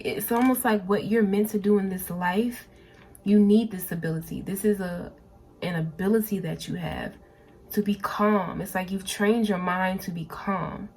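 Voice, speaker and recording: A woman's voice: medium pitch, a little mellow. A woman doing a pick-a-card tarot reading in a mid-range voice. She talks casually and speaks straight to her viewers, often repeating and restarting her phrases. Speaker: tarot reader.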